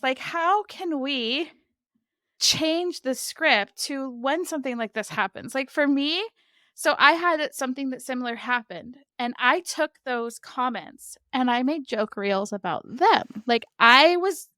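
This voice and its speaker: A woman guest on a podcast speaks in a high, bright voice. She sounds upbeat, chatty and candid. The recording is dry and close. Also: animated, measured pace, no room sound. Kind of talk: casual podcast chat.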